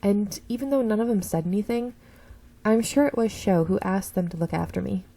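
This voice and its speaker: A woman reading a visual novel aloud in the first person, expressive and stopping to correct her own slips. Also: medium pitch, a little fast, vocal fry, poor audio. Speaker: game streamer reading a story game aloud.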